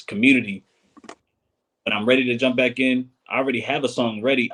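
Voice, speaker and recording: A man speaking as a guest on a casual podcast, in a husky, mid-pitched voice. He talks earnestly and with emphasis, circling back to repeat his points. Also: fairly bright tone.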